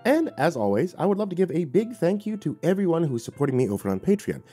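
A man narrating a horror story and hosting his channel, slowing to a dramatic hush on key lines. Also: fairly high pitch, very animated, slightly rough, soft background music.

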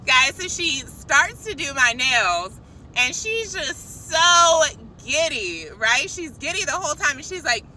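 A woman telling a casual, animated faith testimony, chatting directly to her viewers. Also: sits high, a little slow, slight background noise, poor audio. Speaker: christian vlogger.

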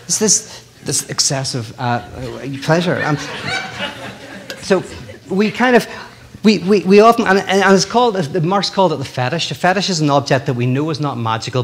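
A middle-aged man giving a public lecture in a lively, joking way, often restarting his sentences. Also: mid-range voice. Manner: animated, joking, many restarts.

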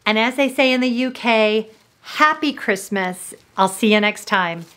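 A woman's voice: fairly high pitch, normal speed, a bit bright. A middle-aged woman, gushing and emotional as she unboxes gifts and talks to her viewers. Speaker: vlogger. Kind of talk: gift unboxing vlog.

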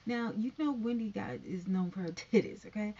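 Woman, husky voice, blunt gossipy vlog chat, dull lo-fi sound. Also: medium pitch, fairly quick, warm tone. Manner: blunt, gossipy, chatty with laughs. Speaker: vlogger. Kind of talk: casual gossip commentary. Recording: dull lo-fi recording.

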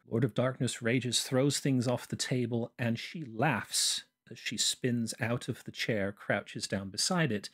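A man's voice: medium pitch, measured pace, few pauses, fairly bright tone. A man co-hosting a podcast, recounting film scenes in careful, methodical detail in casual review chat. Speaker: podcast co-host.

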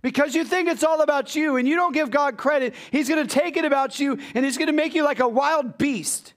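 A male pastor preaching a sermon to his congregation in an animated way. His high voice lifts on rhetorical questions and then drops low and quiet to stress a point. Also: fairly quick.

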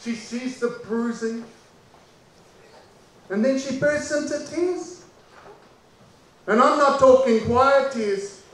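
A man performing a personal story aloud, dramatic and full of pauses, acting out the people in it. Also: extremely high pitch, a bit bright. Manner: dramatic, acts out voices and pauses. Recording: echoey room from far off with faint background noise.

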